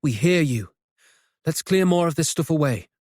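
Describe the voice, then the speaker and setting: Calm female cop, reassuring, slightly raised pitch, male narrator playing her. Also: moderate pace, no echo, clean studio sound, close to an everyday voice. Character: determined female police detective.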